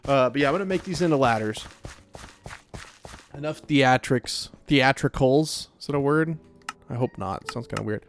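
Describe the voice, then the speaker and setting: A man's voice: mid-range voice, normal speed, long pauses. A man giving casual, rambling commentary as he plays a video game, talking to himself with lots of filler words. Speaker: Let's Play creator.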